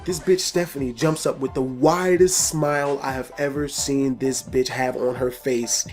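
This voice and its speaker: A man telling a personal story in a casual vlog, swearing often and acting out the scenes. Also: sits high. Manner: profane, animated storytelling. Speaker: storytelling video host.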